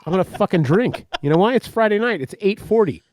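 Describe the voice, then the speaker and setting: A man's voice: sits high, lively intonation, fast talker, darkish tone, slight background noise. A man, a guest on a podcast, telling stories in a wry, profane, casual way. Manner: wry storyteller, swearing. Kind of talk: casual chat.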